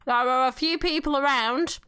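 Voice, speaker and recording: Bright high-voiced woman gamer. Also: moderate pace. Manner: chatty storytelling, laughs often. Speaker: game streamer. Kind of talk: casual gameplay chat.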